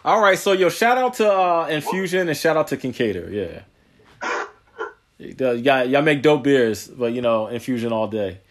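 A podcast host chats casually in a mid-range voice at normal speed, an animated storyteller who rambles and laughs often. He's slangy, dropping "yo" and "man" a lot in his asides.

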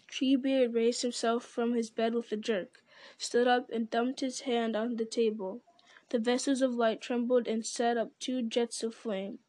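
A woman narrating a story aloud with a measured, even reading manner. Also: fairly high pitch, no echo.

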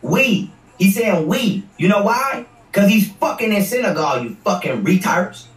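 A man's voice: sits high, sing-song, a little slow. A man hosting a livestream, ranting in a combative, profane way and repeating words as he hammers his points. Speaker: livestream host. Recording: echoey room, distant mic.

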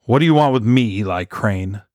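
A man's voice: fairly low pitch, normal speed, dry recording, studio quality, lightly acted. A man doing a growling, indignant ex-FBI boss. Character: gruff angry former male FBI director, drunk.

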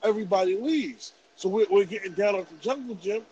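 A man around forty, telling a story in animated, profane, laughing casual podcast chat. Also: sits high, a little fast, lo-fi sound, slight background noise. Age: about 40. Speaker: podcast host.

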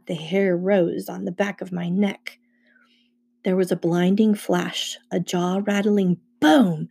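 A woman reading a first-person novel aloud with brisk storytelling. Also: mid-range voice, gravelly, dark tone, slightly rough. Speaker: audiobook reader.

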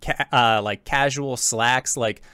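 Man, game master, slow relaxed narration, dry close sound. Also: medium pitch, clear, resonant tone, dry recording. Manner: relaxed descriptive narration with many fillers.

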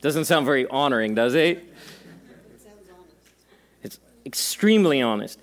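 A man's voice: mid-range voice, normal speed. A male pastor preaching a sermon to a congregation in a church service, talking conversationally with joking asides and emphatic repetition.

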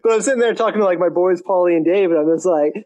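A man's voice: high-pitched, racing, mellow. A man in his thirties, a podcast guest, telling crude stories and giggling. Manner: storytelling with crude jokes, giggly. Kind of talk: casual chat.

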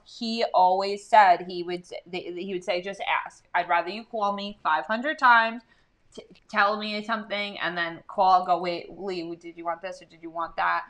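A young adult woman co-hosting a podcast, chatting casually and telling stories with plenty of swearing. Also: lowish voice. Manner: profane, animated storytelling. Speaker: podcast co-host. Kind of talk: casual chat.

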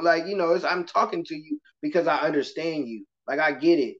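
A man who teaches kindergarten, speaking as a guest in a casual interview and telling stories with lively acted-out voices. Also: a little high, fairly quick. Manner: animated storytelling, slips into voices of kids and adults. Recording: muffled lo-fi podcast audio.

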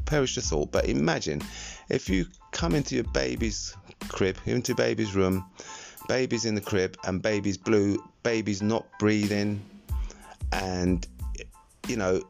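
A man's voice: fairly low pitch, lively intonation, unhurried, vocal fry, a little mellow, soft background music. An older man hosting a solo podcast, telling stories in a rambling, laid-back, chatty way. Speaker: podcast host. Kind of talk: reflective solo storytelling podcast.

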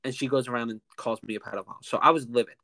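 A man in his twenties telling a story in a casual, animated way, often saying "like", as a podcast host. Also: medium pitch, rapid-fire, vocal fry, dry recording. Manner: animated, heavy use of "like".

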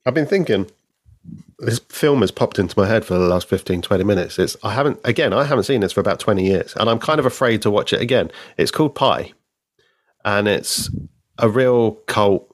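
A male podcast guest in casual chat about comics, speaking in a measured, thoughtful way with drawn-out phrases. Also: lowish voice, animated, no room sound, studio quality. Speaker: podcast guest, co-host of another show.

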